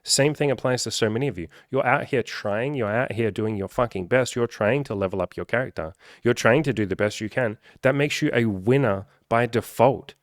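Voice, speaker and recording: A man coaching viewers in a casual, animated vlog, swearing freely and acting out the people he quotes. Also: mid-range voice, brisk, few pauses, no echo, studio quality. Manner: profane, animated, acts out quoted voices. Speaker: self-improvement coach. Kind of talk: casual direct-to-camera vlog.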